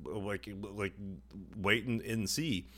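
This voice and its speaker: A young man on a podcast, telling a long story casually, swearing often and putting on quick voices for the people in it. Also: lowish voice, a bit bright. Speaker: podcast co-host. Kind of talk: casual chat.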